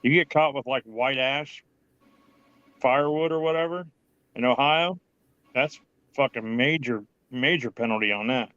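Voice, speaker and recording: A man's voice: medium pitch, unhurried, pauses often, bright, forceful tone, clear, resonant tone, no echo. A man chimes into a casual chat in an emphatic, cautionary way. His voice comes through a dull, lo-fi, dry-sounding mic.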